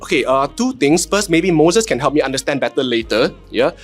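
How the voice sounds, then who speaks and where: A man's voice: on the high side, fairly quick, faint music behind. A man from Penang speaking Malaysian English, telling stories animatedly on a panel with joking "lah" tags. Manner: animated storytelling with frequent "lah" tags and self-deprecating jokes. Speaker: content creator, panel guest. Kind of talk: casual panel talk.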